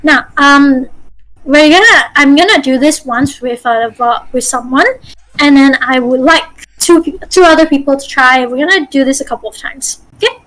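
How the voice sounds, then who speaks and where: A woman's voice: high-pitched, normal speed, fairly bright tone, poor audio. A woman game master giving a chatty online voice-acting workshop over a video call. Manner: chatty, with apologies and restarts.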